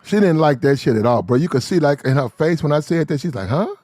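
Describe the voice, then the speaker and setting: A man telling casual stories in a profane, animated way, acting out the other voices in the dialogue. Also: on the high side, quick pace, hardly any pauses, dry recording, clean studio sound. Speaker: reaction video host. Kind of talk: casual storytelling rant.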